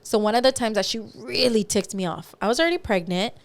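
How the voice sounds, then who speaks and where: A young woman co-hosting a podcast, telling a profane, animated story with acted-out quotes in casual chat. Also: fairly high pitch, quick pace, vocal fry. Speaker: podcast co-host.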